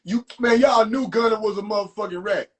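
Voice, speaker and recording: A man ranting and mocking in a profane, animated rant to a live audience, streamed from a phone. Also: sits high, a little fast. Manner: animated, profane, rants and mocks. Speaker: livestream host. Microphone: phone livestream.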